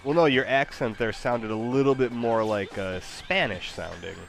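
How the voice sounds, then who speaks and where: A man's voice: medium pitch, normal speed, vocal fry, soft background music. Rambling man chatting while gaming. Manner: hesitant, rambling, many fillers. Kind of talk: casual chat while gaming.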